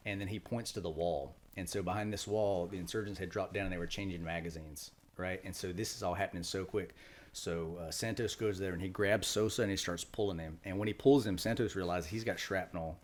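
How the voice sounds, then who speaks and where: A deep, steady voice belongs to a middle-aged retired Marine who speaks fairly quickly as a podcast guest. He tells his stories in a loose, matter-of-fact manner during the casual interview, with fillers and restarts along the way.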